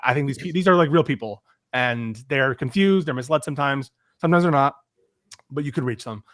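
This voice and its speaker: A man co-hosting a casual political talk show, telling an animated story about an online exchange. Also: medium pitch, no room sound, studio quality. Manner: animated storyteller, reads out messages. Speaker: podcast co-host.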